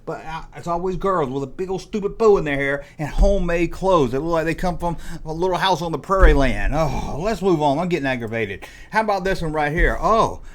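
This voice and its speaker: A man's voice: on the high side, expressive, brisk, few pauses. A man in his forties hosting a comedic rant, sarcastic and full of mock exasperation. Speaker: host.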